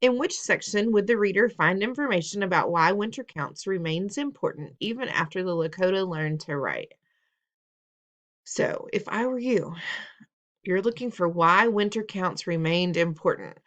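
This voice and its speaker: Woman teacher, lower register, patient and instructive, recorded lesson. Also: lively intonation, moderate pace, a bit bright. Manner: patient, instructive, playful teasing; repeats instructions, asks the listener questions. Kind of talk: recorded test-prep lesson.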